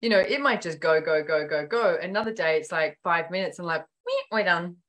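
Brisk and lowish in voice, the woman is an author appearing as a podcast guest in casual conversation. She animates her stories by performing quoted dialogue, and fillers like "like" and "you know" come up constantly.

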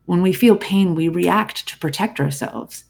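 A podcast host giving a calm, reflective self-help talk, speaking directly to the listener. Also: medium pitch, unhurried, vocal fry, a little hiss or hum. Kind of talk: scripted self-help monologue.

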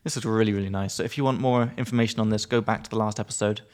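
A young man co-hosting a podcast, explaining vocabulary in a relaxed, giggly way and slowing down to spell out each word. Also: fairly low pitch. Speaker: podcast co-host, English teacher. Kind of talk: casual chat explaining vocabulary.

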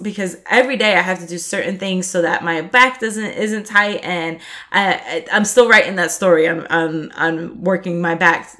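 A woman with a fairly low, fairly bright voice hosts her own podcast. She talks casually on her own and rambles, with plenty of fillers and restarts.

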